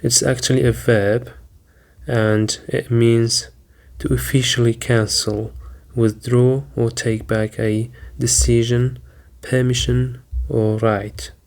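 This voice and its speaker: A man teaching vocabulary, deliberately repeating each word and spelling out its syllables and stress. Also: medium pitch, little pitch movement, darkish tone. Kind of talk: slow, careful vocabulary lesson.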